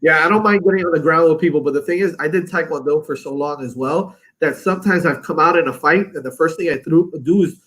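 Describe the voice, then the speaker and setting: A man's voice: fairly high pitch, fast, hardly any pauses, fairly bright tone. A man chatting casually on a podcast, telling stories in a blunt, profane way. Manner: blunt, profane, loose storytelling. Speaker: podcast co-host. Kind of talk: casual chat.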